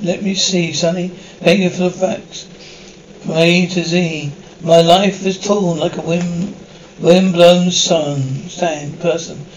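A man flatly reading out a film script, stage directions and every character's lines alike, without acting them. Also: a little high, slight background noise, poor audio. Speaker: script reader. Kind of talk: flat reading of a screenplay, stage directions included.

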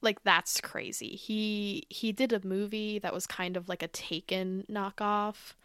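A woman's voice: medium pitch, steady tone, unhurried, fairly bright tone, clear, resonant tone, no room sound. Chatty young woman, dry podcast mic. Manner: chatty, lots of "like" fillers. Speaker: podcast co-host. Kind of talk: casual chat.

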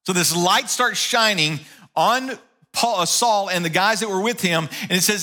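A male pastor preaching a sermon, telling the story in an animated way. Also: high voice, normal speed.

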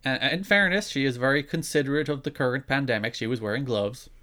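A man's voice: medium pitch, fast talker, sharp tone. A man co-hosting a casual wrestling podcast, wry and opinionated. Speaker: podcast co-host.

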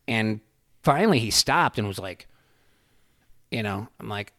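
A man's voice: mid-range voice, lively intonation, moderate pace, a bit bright, no room sound, studio quality. A man telling a story in casual podcast chat, rambling with many fillers and swearing freely.

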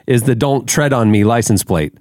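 A man's voice: mid-range voice, moderate pace, darkish tone, no echo, clean studio sound. A man co-hosting a podcast, making playful, teasing asides in casual banter. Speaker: podcast co-host.

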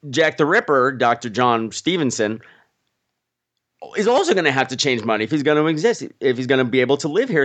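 Lively podcast host in casual chat. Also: mid-range voice. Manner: animated, acts out quoted lines.

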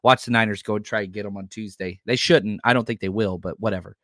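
A man hosting a sports podcast, talking casually and excitably about upcoming matchups and reacting to live comments. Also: fairly low pitch, fast, dry recording, studio quality. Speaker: podcast host.

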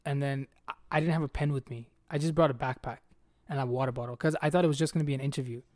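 In rapid-fire delivery, a young man with a mid-range voice hosts a podcast and spins a story loaded with profane slang and constant "bro"s aimed at his friend. He sounds animated, and the studio-quality recording has no room sound.

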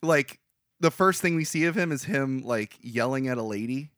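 A man co-hosting a film podcast in casual, animated chat, swearing offhandedly. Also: medium pitch, moderate pace, no echo, studio quality. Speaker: podcast co-host.

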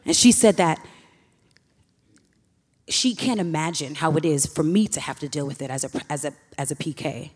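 A woman's voice: low-pitched, normal speed, long pauses, husky. A young woman from Queens, New York, telling a personal story on stage in an earnest, emotional way with sighs. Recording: reverberant hall.

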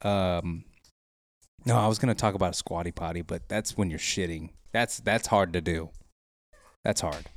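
A man's voice: deep voice, moderate pace. A young man co-hosting a podcast, chatting casually and crudely, rambling through stories and laughing often. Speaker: podcast co-host.

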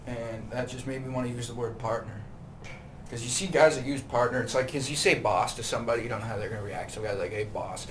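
Male co-host, mid pitch, meandering crude anecdotes; off-mic with light hiss. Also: fairly even intonation, quick pace. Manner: meandering, profane storytelling. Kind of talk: casual chat. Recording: mic far off.

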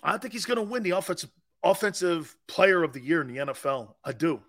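A man's voice: fairly high pitch, lively intonation, quick pace, fairly bright tone. A man hosting a sports talk show, delivering a brash, opinionated monologue that rambles and repeats its points.

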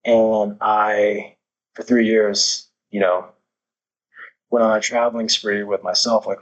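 A man's voice: fairly low pitch, level tone, slow, rough recording. A man talking as a podcast guest, intense and emphatic, swearing heavily while he talks candidly about growth. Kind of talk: candid motivational talk.

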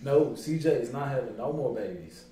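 A man's voice: medium pitch, lively intonation, moderate pace, mellow. Man off-mic, teasing, in echoey room. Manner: teasing, profane banter. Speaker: podcast co-host. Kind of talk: casual chat among friends. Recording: distant mic in roomy echo with faint noise.

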